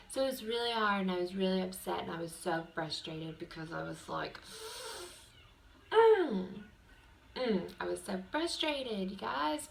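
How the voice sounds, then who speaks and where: A woman's voice: on the low side, lively intonation, a little slow, vocal fry, slight background noise. A young woman vlogging from her bedroom, chatting casually to the camera with lots of fillers. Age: young adult. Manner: chatty, rambling, with many fillers.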